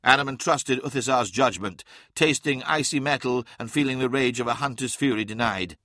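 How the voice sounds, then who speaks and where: A man narrating a fantasy audiobook in a measured, dramatic reading. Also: medium pitch, pushed and bright, dry recording, studio quality.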